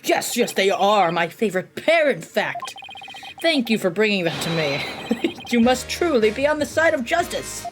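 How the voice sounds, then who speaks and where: A woman's voice: mid-range voice, sing-song, normal speed, music in the background, close to an everyday voice. A woman voicing a cheerful, overconfident male detective who misses the obvious. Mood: jolly.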